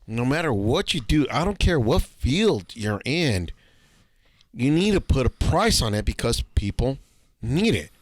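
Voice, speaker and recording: A man's voice: medium pitch, big pitch swings, a little slow, dry recording. A young man co-hosting a podcast in casual chat, blunt and profane, acting out little scenes as he tells stories. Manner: blunt, swears freely, acts out little scenes. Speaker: podcast co-host.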